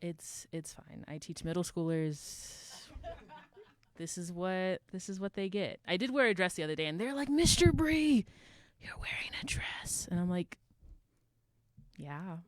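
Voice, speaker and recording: A woman's voice: fairly low pitch, a little slow, long pauses. A woman sharing poems at a live open mic with playful, self-deprecating banter, speaking into a stage mic. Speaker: poet and co-director of the group. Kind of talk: casual stage banter and poetry.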